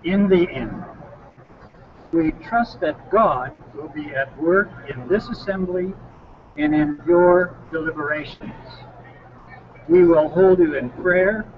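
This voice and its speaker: Man closing with a slow, prayerful blessing. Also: a little high. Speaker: church leader reading a statement. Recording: dull recording with faint noise.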